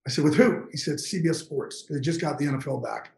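Fired-up guy in his 50s, swears a lot, gets choked up telling his story, kinda high voice, echoey room. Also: quick pace, vocal fry. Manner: intense, profane, gets choked up. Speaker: guest, NFL insider. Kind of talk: emotional storytelling interview.

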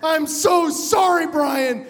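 A man's voice: extremely high pitch, slow pace, raised voice, faint music behind, voice pushed up. A man doing a frantic helicopter pilot in a hall. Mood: apologetic. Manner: frantic, apologetic. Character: panicked young male helicopter pilot.

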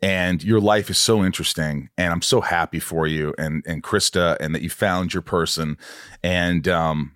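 Low-voiced gushing male podcast host. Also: fairly even intonation, normal speed, fairly bright tone, no room sound, studio quality. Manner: gushing, rambling, enthusiastic. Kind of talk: casual podcast chat.

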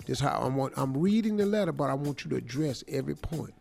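A man hosting a radio morning show, giving comic advice in a joking, slangy, animated way. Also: medium pitch, fast, gravelly, few pauses, faint music behind. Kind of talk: comic advice talk, role-playing a letter writer.

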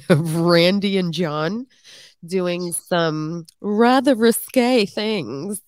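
A woman's voice: lowish voice, drawn-out words, darkish tone, no room sound, studio quality. A woman co-hosting a casual podcast, teasing her friends and swearing freely. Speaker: podcast co-host.

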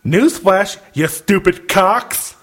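Taking it slowly, a young man with a high-sitting, fairly bright voice co-hosts a relaxed podcast. He reads an email aloud in mock indignation, cracking up with laughter between lines.

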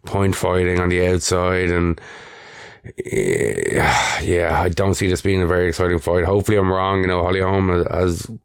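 A man as co-host of a podcast, speaking in a measured, hesitant way with many fillers. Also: sits low, clear, resonant tone, no echo. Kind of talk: casual chat.

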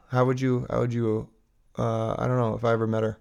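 A man with a mid-range, mellow voice and some vocal fry talks fast as he hosts a solo podcast. He rambles, keeps interrupting and restarting his own sentences, and leans on lots of fillers.

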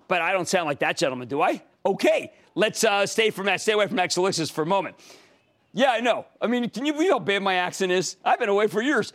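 A man with a Pennsylvania accent hosting a TV stock market call-in show, excitable and emphatic, breaking into shouts. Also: high voice. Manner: excitable, shouting bursts, rapid emphatic delivery. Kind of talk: energetic market commentary and call-in answers.

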